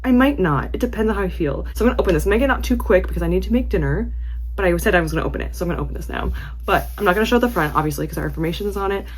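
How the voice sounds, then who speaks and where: A woman's voice: racing, slightly rough. Chatty woman book vlogger. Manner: chatty, many "like" fillers, animated pitch swings. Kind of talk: casual chat to camera.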